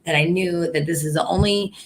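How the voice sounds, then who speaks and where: A woman's voice: lowish voice, a little fast, a little hiss or hum. A woman hosting a casual interview, talking in an informal, candid way with frequent fillers. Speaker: interview host.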